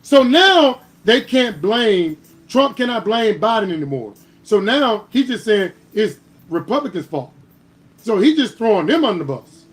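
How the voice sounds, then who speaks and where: High-voiced man in heated political talk. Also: big pitch swings, unhurried, soft background music. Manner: emphatic, repeats "All right?" to press his points; heated and argumentative, builds to louder bursts. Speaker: host. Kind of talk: political commentary livestream.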